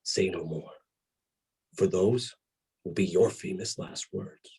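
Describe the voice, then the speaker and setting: A man delivering a wrestling promo as a menacing, brooding villain character, with slow threatening phrasing. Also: deep voice, mellow, husky, far from the mic, voice pushed down, exaggerated voice, low-quality recording. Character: menacing dark wrestling villain, doom-laden.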